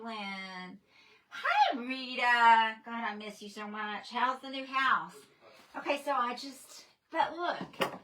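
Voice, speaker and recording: Woman hosting a chatty livestream, bright voice, sits back from the mic. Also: a little high. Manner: chatty, greets viewers by name. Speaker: livestream host. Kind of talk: casual livestream chat. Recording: distant from the mic, faint noise.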